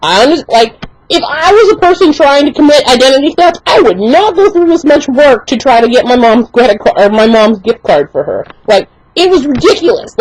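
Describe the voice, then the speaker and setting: A young woman vlogger telling an exasperated, animated story in casual chat, full of "like" fillers. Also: high voice, normal speed, low-quality recording. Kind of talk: casual ranting story to camera.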